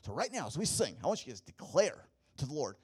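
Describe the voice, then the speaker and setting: Man, pastor, sermon, storytelling, husky voice, lively pitch, rhetorical questions. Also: fast.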